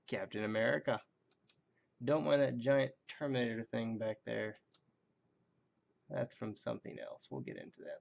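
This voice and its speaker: Male collector with a gravelly, mid-pitched voice, casual and jokey, muttering asides; dull home video sound. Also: expressive, unhurried, pauses often. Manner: loose, joking and self-deprecating, with muttered asides. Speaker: toy collector reviewing action figures. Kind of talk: casual rambling video review.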